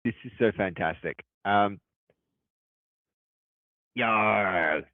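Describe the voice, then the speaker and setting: A man who runs a game studio, chatting casually on a live stream, excitable and hyped, now and then bursting into loud shout-outs. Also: on the low side, drawn-out words, no room sound. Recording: tinny, phone-like dry sound.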